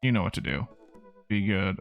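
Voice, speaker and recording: A man's voice: low-pitched, expressive, moderate pace, gravelly, dull audio, faint music behind. A man streaming a dating video game, reading the lines aloud in a casual way with wry asides. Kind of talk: let's play game reading.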